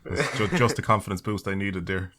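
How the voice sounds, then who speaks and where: Thirties male guest, very deep groggy morning voice, dry self-mocking humour. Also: brisk, a bit bright. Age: 30s. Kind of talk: casual chat.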